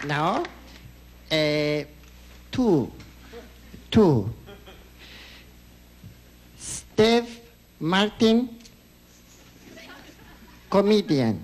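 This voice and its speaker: A man putting on a timid foreign man who speaks in halting broken phrases with hesitant pauses, as a stand-up character act. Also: high-pitched, very animated, a little mellow, full character voice. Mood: shy. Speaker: comedian. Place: TV studio stage before an audience. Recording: live stage audio with audience noise.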